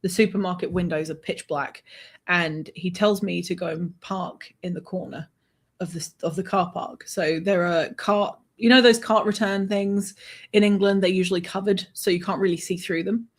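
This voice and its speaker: A woman guest telling a personal anecdote in a lively, conversational way, often laughing and swearing. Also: fairly low pitch, moderate pace. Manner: animated, laughing, swears freely. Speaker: author guest. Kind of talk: conversational storytelling.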